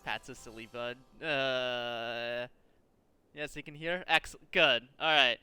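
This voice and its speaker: Bright-voiced exasperated male streamer. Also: medium pitch, slow pace, clear, resonant tone, no echo, soft background music. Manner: animated, exasperated, swears often. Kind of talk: casual livestream chat while gaming.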